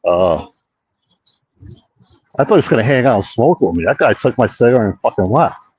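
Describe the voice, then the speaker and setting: A man's voice: mid-range voice, lively intonation, a little fast, darkish tone, slightly rough, highs cut off. A man hosting a casual walk-and-talk vlog outdoors, rambling, swearing a lot and mocking himself. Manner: rambling, profane, self-mocking. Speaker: host. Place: outdoor park.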